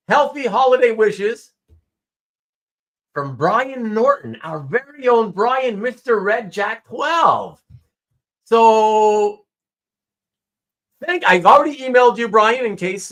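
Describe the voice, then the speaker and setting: A man with a high, very lively voice hosts a relaxed live stream from home. He chats with viewers by name and tells stories in an animated way, voicing each person's lines as he goes. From Canada. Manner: animated storytelling, acts out quotes. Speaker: host.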